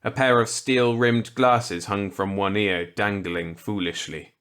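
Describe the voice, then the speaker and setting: A man narrating a grim short story in a measured, deliberate way. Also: fairly low pitch, fairly even intonation, fairly bright tone. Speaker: audiobook narrator. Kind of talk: scripted narration.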